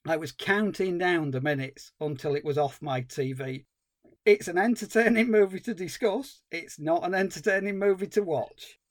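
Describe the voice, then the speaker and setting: A man's voice: high voice, normal speed, dry recording. A man co-hosting a film podcast, ranting in exasperated, sweary casual chat. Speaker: podcast co-host.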